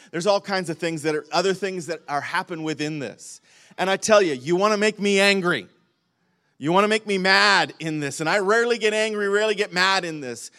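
A man's voice: sits high, a bit bright. A man pastor delivering a sermon in a conversational way, with frequent restarts and rhetorical questions to the congregation.

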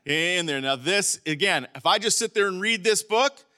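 Middle-aged male pastor with a bright, forceful voice who preaches with energy and keeps calling out to the congregation. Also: sits high, moderate pace, smooth. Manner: animated preaching, calls out to congregation. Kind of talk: sermon.

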